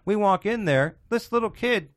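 A man's voice: high-pitched, lively intonation, moderate pace. A man ranting in heated casual conversation, swearing often and restarting his sentences. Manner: ranting, profane, many restarts.

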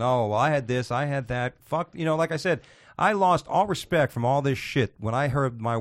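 A man ranting in heated casual conversation, swearing often and restarting his sentences. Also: medium pitch. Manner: ranting, profane, many restarts.

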